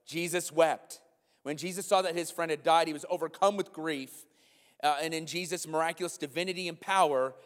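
Male pastor, animated sermon delivery, higher voice, church hall echo. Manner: animated, acts out a comic scene in a loud high voice.

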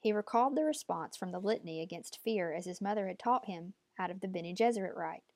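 A woman narrating an audiobook at a measured, steady pace. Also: fairly low pitch, no echo.

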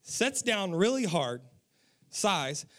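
A man in his forties with a high voice delivers a sermon. He tells stories from his own life with frequent chuckles and turns to speak directly to his listeners. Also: very animated, slow, a bit bright. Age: 40s. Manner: chuckling storyteller, talks straight to the audience. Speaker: pastor. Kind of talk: sermon with humorous personal stories.

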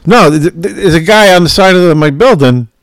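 A man's voice: high voice, fairly quick, no room sound. An older man co-hosting a podcast, blunt and argumentative in casual chat. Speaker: podcast co-host, father.

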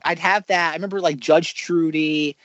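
A man's voice: a little high, steady tone, moderate pace, fairly bright tone, no echo. A man in his thirties co-hosting a podcast, chatting casually and rambling animatedly with lots of fillers. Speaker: podcast co-host. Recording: slightly dull, dry lo-fi audio.

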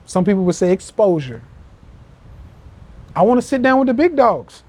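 A man's voice: high voice, sing-song, moderate pace, darkish tone. A man hosting a live social media rant podcast, talking in an emphatic, profane and repetitive way, acting out quotes with animation. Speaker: podcast host. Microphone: phone.

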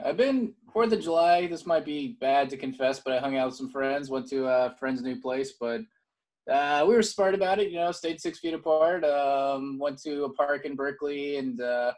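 A man's voice: a little high, normal speed, darkish tone. A young man co-hosting a podcast in casual chat, rambling through stories and laughing often. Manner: rambling, many fillers and restarts, laughs often. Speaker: podcast co-host.

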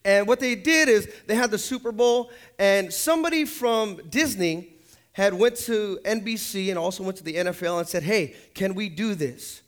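A man preaching a sermon, joking and swinging between loud highs and low asides. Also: normal speed. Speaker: pastor.

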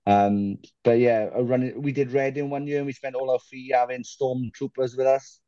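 A man's voice: mid-range voice, fairly even intonation, moderate pace, dark tone, smooth, no echo, lo-fi sound. Rambling man telling band stories. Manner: rambling, self-deprecating storyteller, swears casually. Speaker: musician guest. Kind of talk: casual interview chat.

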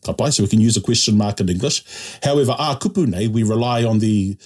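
A man's voice: on the low side, fast, darkish tone, slightly rough. A man teaching Māori grammar to a small group, patiently checking that everyone follows along. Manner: patient, checks understanding with "yeah?" and "ka pai".

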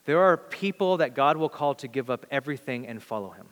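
Animated male preacher in a reverberant hall. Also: medium pitch, a little fast. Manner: animated, acts out quoted voices, occasional stammers. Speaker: pastor. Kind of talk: sermon. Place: church sanctuary. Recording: long reverb of a church hall.

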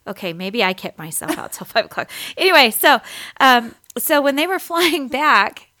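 A woman's voice: high voice, big pitch swings, normal speed, sharp tone. A woman co-hosting a podcast in casual chat, laughing often and rambling, a bit short of breath after an infection. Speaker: podcast co-host.

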